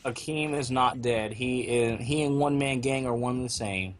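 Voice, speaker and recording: A man with an ordinary pitch chats through a wrestling review with his co-host. He drops in dry, wry asides and calmly corrects his partner. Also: moderate pace, a crowd in the background. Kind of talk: casual review chat.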